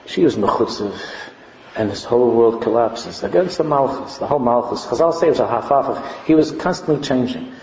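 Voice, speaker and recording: A man's voice: mid-range voice, brisk. Man preaching in an echoey hall. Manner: animated, rising to impassioned preaching. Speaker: rabbi. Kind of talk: sermon on Purim. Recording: echoey hall, dull lo-fi sound with faint background noise.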